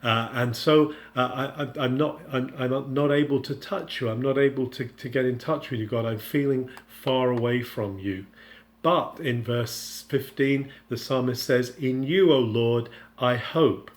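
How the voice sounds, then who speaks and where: A man giving an earnest devotional Bible teaching, speaking unscripted with frequent halting restarts and paraphrasing scripture in the first person. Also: medium pitch, fairly even intonation.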